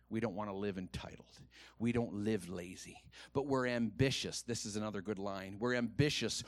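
A man preaching a sermon to a congregation, moving from quiet, earnest talk to loud, rising exhortation and having the room repeat lines after him. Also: fairly low pitch, no room sound. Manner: calls on the congregation to repeat lines and raise hands. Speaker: pastor. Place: church.

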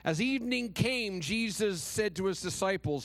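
A man's voice: high voice, normal speed, hardly any pauses, no echo. A male pastor preaching a sermon in a conversational, dramatic storytelling manner with touches of humor.

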